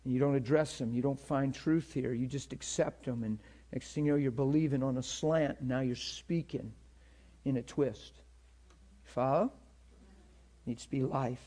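A man's voice: mid-range voice, steady tone, normal speed, mellow. A man teaching a class in a sermon style, conversational and often checking in with his listeners, repeating words as he builds a point.

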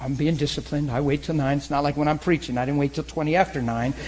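A man in his forties, a preacher telling hunting stories in a lively, laughing sermon style. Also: a little high, quick pace, a little hiss or hum. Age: 40s. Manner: animated, laughing storyteller. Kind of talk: sermon storytelling.

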